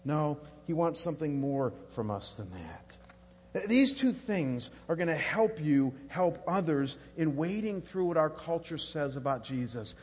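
A man preaching a sermon to his congregation, rising into loud, high, repeated declarations as he builds his point. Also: animated, measured pace, slight background noise. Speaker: pastor. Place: large church hall. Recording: long hall reverb.

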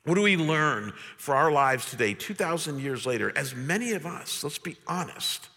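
A man preaching in an animated, playful way, his pitch swinging widely as he talks to the congregation. His voice is bright and sits a little high for a man. A long reverb trails behind him, as in a large hall. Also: normal speed. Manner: animated, humorous, addresses congregation directly. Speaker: pastor. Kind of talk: sermon.

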